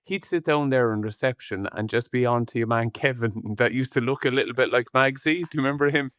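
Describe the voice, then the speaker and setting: An Irish man in his forties, a former rugby player co-hosting a podcast, talking in a rambling, chatty way with quick laughs. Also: medium pitch, a bit bright, no echo, studio quality. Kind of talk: casual podcast chat.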